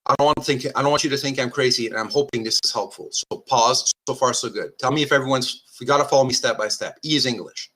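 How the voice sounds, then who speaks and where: Bright-voiced man lecturing on philosophy. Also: medium pitch, quick pace, hardly any pauses. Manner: thinks aloud, checks in with listeners often; self-correcting restarts, informal asides. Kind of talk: live lecture at a diagram.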